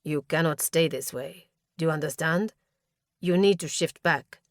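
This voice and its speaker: A woman's voice: sits low, a little slow, no echo, studio quality. A woman reading an audiobook voices a stern male warrior who gives clipped, urgent commands. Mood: commanding.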